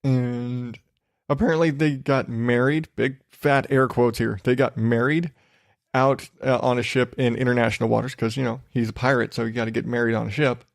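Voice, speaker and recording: A man's voice: mid-range voice, flat delivery, brisk, creaky, dry recording, clean studio sound. A man hosting a podcast, ranting crudely with exasperated, laughing disbelief. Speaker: podcast host. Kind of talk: casual ranting monologue.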